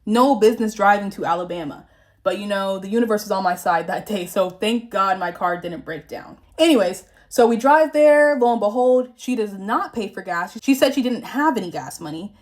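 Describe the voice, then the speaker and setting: Her mid-range voice has lively intonation, and she talks at normal speed. A young vlogger from the Southern United States, she shares a candid, profanity-laced story about a fake friend while applying makeup.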